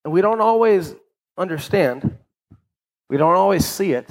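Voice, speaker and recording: A man's voice: high-pitched, animated, moderate pace, poor audio. A man preaching a sermon in a conversational way, often checking in with his listeners and repeating words as he restarts. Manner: conversational, keeps asking "right?". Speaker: pastor.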